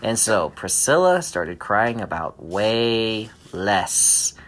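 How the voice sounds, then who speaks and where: A man's voice: on the low side, very animated, slow pace, a bit bright. A man telling an improvised, playful story to children, laughing as he acts out the voices.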